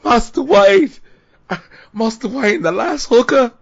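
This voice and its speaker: A man doing an impression of an elderly British butler, speaking with solemn, drawn-out gravity played for laughs. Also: very high voice, big pitch swings, gravelly, dull audio, pitched above the performer's own voice, full character voice. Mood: mock-grave.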